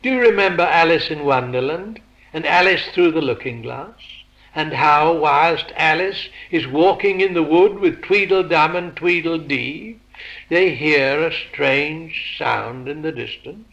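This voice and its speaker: A man giving a philosophical lecture, measured and posing rhetorical questions to his listeners. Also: a little high, fairly bright tone, muffled recording.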